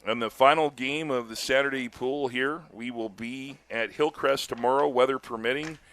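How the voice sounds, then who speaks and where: A man's voice: medium pitch, moderate pace, a little hiss or hum. Older man calling baseball, chatty. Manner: chatty storyteller, animated on big plays. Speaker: baseball play-by-play announcer. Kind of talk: live baseball commentary with chat.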